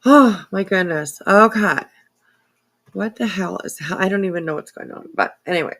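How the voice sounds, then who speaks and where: A woman's voice: medium pitch, normal speed, a bit bright. A woman hosting a casual livestream from home, emotional and teary, sniffling and rambling with lots of fillers. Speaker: livestream host.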